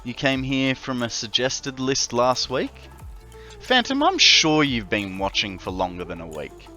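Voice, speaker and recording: A man's voice: medium pitch, sing-song, measured pace, sharp tone. A man streaming a game, chatting casually and jokingly with viewers, full of fillers. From Australia. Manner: rambling, filler-heavy, joking with chat. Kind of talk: casual live-stream chat. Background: faint background music.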